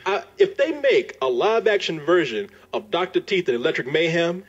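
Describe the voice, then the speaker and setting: A man reviewing a movie in casual chat, retelling scenes with animated, laughing energy. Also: on the high side, normal speed, breathy edge. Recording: muffled lo-fi recording.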